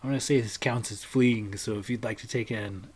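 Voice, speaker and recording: A man acting as game master for a tabletop game, narrating and calling rolls in a relaxed, halting way with many fillers. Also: lowish voice, breathy edge.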